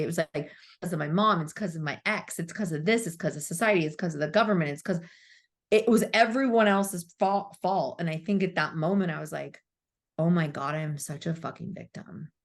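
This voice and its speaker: A woman's voice: lowish voice, a little fast. A woman in her thirties, a spiritual coach, telling her story as a podcast guest, candid and swearing freely, acting out her past self. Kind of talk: emotional storytelling interview.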